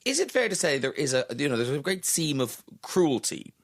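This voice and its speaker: A man's voice: fairly high pitch, big pitch swings, brisk. An Irish man hosting a radio talk show, chatting casually with self-deprecating jokes. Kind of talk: casual radio interview chat.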